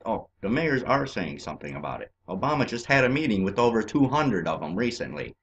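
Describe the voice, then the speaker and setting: Man, agitated, profane, ranting commentary, shouting then muttering. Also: medium pitch, big pitch swings, fairly quick, few pauses, breathy edge. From California. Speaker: vlogger. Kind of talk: ranting commentary over on-screen maps.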